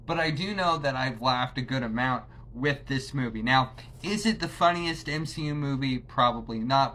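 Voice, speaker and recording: A man casually ranking movies for his channel, enthusiastic and swearing freely in a relaxed chat. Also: mid-range voice, a little hiss or hum. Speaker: movie reviewer.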